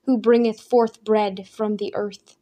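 A woman reading the part of an uneasy young man who speaks haltingly, staying close to her own voice. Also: mid-range voice, flat delivery, mellow. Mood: reverent. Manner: stammering, faltering. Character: uneasy, hesitant young man returning home.

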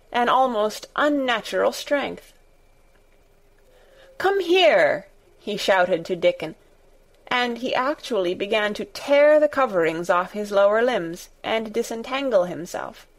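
A woman narrating a storybook in a deliberate, expressive reading. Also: a little high, rough recording. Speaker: audiobook narrator.

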